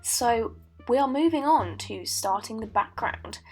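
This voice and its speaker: A late-teen woman narrates her painting video in a put-on Australian accent, with a playful mock-documentary tone. Her voice sits fairly high, and soft music hums underneath. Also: lively intonation, a little slow. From Britain. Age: late teens. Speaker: art student. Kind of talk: joking voice-over narration. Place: voice-over recorded at home.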